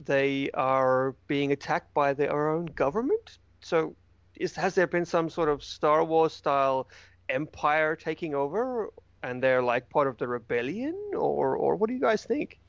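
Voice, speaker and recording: Excitable man hosting a gaming podcast. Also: fairly high pitch, measured pace, creaky, no room sound, highs cut off. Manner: jokey, excitable, laughs often. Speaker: podcast host. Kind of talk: casual gaming podcast chat.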